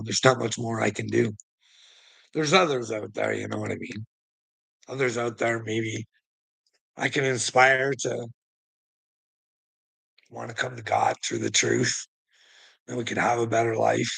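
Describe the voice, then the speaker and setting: A man's voice: medium pitch, gravelly, fairly bright tone, husky, no room sound, poor audio. A man livestreaming, talking straight to his chat in a rambling, profane, preachy monologue, chuckling now and then.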